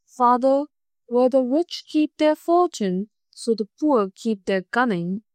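A woman voicing a clever, calm young woman who speaks politely and with quiet cunning in a storybook reading. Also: on the high side, slow, dry recording. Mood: composed. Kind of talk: storybook narration.

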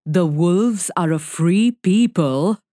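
A woman voicing a gruff, protective male wolf in a read-aloud story, speaking low with grunts. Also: expressive, slow, mellow, no room sound, clean studio sound. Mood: defiant.

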